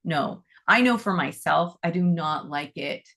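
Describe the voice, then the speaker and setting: A woman's voice: low-pitched, lively intonation, measured pace, creaky, a bit bright. A woman teaching animal Reiki in a casual, chatty talk, using many fillers and acting out inner dialogue. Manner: chatty, acts out inner dialogue in quoted voices; frequent "like" and "you know" fillers. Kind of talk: casual spoken talk to a class.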